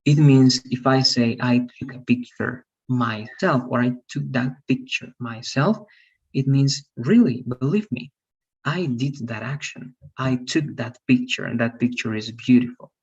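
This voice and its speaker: A man teaches English grammar in an online class. He explains patiently, goes over points again, and keeps asking whether his students follow. His voice is slightly husky, and the call audio sounds a bit muffled. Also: medium pitch, measured pace, darkish tone. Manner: patient, repetitive explaining with frequent "all right?" checks.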